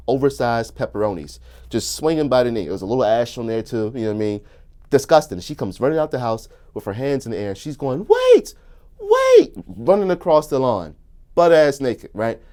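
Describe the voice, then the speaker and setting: A young man telling a crude story in casual chat, animated and bursting into shouts and laughter. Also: mid-range voice. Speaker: comedian guest.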